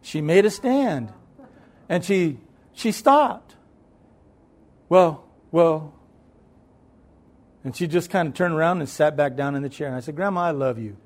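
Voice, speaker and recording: A man telling a personal story as a guest, animated and conversational, acting out the voices in it. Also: a little high, moderate pace. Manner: conversational, with repeated fillers and restarts.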